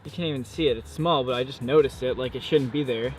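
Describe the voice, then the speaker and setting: A man's voice: mid-range voice, fast talker, music in the background. A young man vlogging casually outdoors around his car, talking frankly and swearing in exasperation. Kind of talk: casual vlog.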